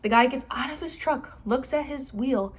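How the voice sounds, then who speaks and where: A vlogger in her late teens rambles through a casual storytime, saying "like" constantly in every sentence. Her voice is high-pitched and husky, at a normal speed.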